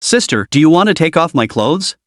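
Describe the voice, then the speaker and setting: A man reading a soft-spoken pleading young man. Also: a little high, very animated, brisk, dry recording, studio quality. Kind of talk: scripted recap narration.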